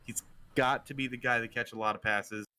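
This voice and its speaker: A man's voice: medium pitch, fairly even intonation, fairly quick, sharp tone, smooth, no room sound. Laid-back man weighing draft picks. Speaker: podcast co-host. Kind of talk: casual fantasy football draft chat.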